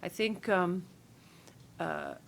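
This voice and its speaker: A woman's voice: on the low side, drawn-out words, gravelly, a little hiss or hum. A woman panelist answering carefully and hesitantly, with many fillers.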